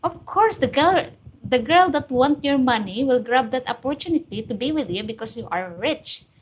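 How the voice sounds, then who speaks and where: A woman's voice: sits high, expressive, moderate pace, slight background noise. A woman with a Filipino accent hosting a live stream, blunt and preachy as she answers viewer comments. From Philippines. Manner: blunt, preachy, straight-talking. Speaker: host.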